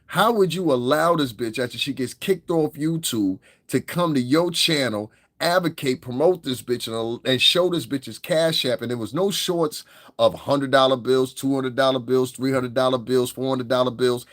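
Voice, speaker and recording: A man's voice: mid-range voice, normal speed, fairly bright tone, no room sound. A man hosting his own podcast, talking in a blunt, profane, rambling commentary. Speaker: podcast host. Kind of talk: casual commentary monologue.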